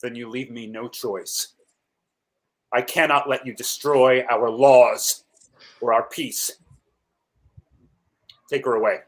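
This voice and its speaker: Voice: medium pitch, steady tone, slow pace, pauses often, close to an everyday voice. An actor playing a stern, commanding father. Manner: cold and commanding, later anguished. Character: stern father, authoritarian official. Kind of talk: stage reading of a play.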